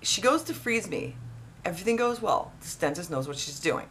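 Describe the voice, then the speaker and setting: A woman casually telling a personal story, rambling and animated with lots of restarts. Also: lowish voice, moderate pace, slight background noise. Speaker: vlogger.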